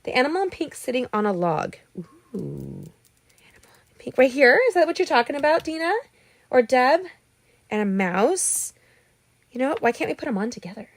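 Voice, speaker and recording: A woman's voice: sits high, big pitch swings, brisk, no room sound. Woman, middle-aged, card-making livestream host, bubbly, rambling, chatty with viewers, little gasps and noises, a bit tired. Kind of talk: chatty live crafting tutorial.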